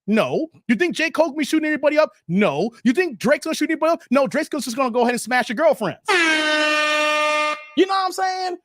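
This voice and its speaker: A man's voice: extremely high pitch, sing-song, fast, no room sound. A man hosting a live stream, ranting in a casual, riled-up way and talking straight to his chat. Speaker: livestream host. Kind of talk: casual livestream rant.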